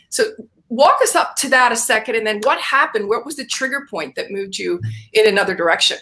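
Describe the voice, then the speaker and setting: A woman hosting an upbeat interview over a video call, talking quickly and laughing often. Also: on the high side, lively intonation, bright, forceful tone. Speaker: interview host. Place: friend's house, indoors.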